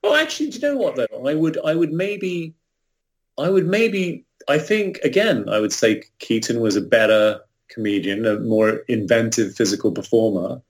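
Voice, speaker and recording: A man with a British accent, a guest author in a casual interview, self-deprecating and halting, often restarting his sentences. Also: medium pitch, animated. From Britain.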